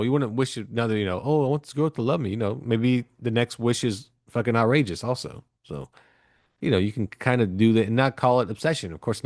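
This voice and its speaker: A man's voice: mid-range voice, a little mellow, dry recording, studio quality. A man co-hosting a podcast, telling a movie story in a loose, profane, rambling way with plenty of fillers. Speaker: podcast co-host. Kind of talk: casual chat.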